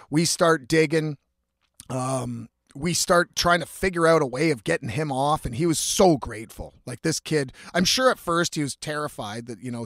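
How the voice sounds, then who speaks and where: A man's voice: fairly high pitch, a bit bright, dry recording, clean studio sound. A man, hosting his own show and telling a long rambling story with heavy swearing and lots of fillers. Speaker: host. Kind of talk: casual storytelling monologue.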